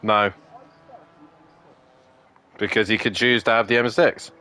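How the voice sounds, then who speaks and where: A man's voice: lowish voice, fairly even intonation, slow pace, pushed and bright, clear, resonant tone. A young man streaming a racing game and chatting casually with friends, swearing constantly and ranting in exasperation. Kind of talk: casual gaming chat with friends.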